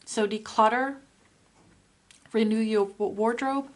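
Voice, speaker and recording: A woman giving a spoken tarot reading, soft and earnest, with many fillers. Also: fairly high pitch, steady tone, slow. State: tearful, emotional. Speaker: tarot reader.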